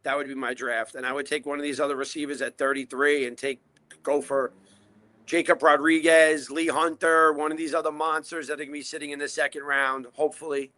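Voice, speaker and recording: A man joining a sports show as a guest reporter, talking casually and warmly. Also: fairly high pitch, level tone, brisk, dry recording. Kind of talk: casual call-in chat.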